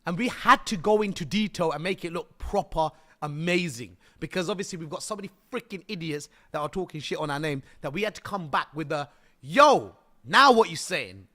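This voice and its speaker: A man talks through a live stream in casual slang, hyping the game and swearing freely. His voice is bright and forceful and sits a little high for a man. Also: brisk, few pauses.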